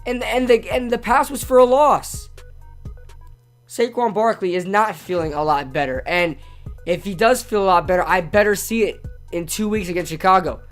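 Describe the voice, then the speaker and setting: A man with a hoarse, strained voice, ranting casually about his football team as a sports vlogger, often repeating himself as he gets fired up. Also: high-pitched, normal speed, fairly bright tone, faint music behind. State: hoarse from yelling at a game.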